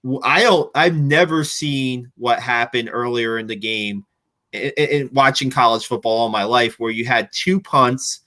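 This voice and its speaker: A man's voice: medium pitch, normal speed, sharp tone. A man hosting a casual postgame football talk, chatty, often restarting sentences and checking in with "right?". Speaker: podcast host.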